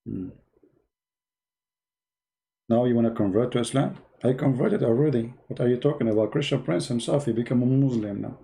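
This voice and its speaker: Male livestream host, mocking, loose broken English, dark gravelly voice. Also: mid-range voice, moderate pace, pauses often. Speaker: host of a live stream. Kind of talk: casual livestream talk and joke telling.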